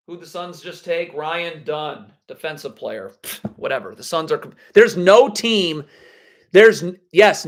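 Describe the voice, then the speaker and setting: A man's voice: fairly high pitch, a bit bright. A man hosting a live basketball draft reaction stream, blunt and sarcastic as he rants. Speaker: basketball livestream host.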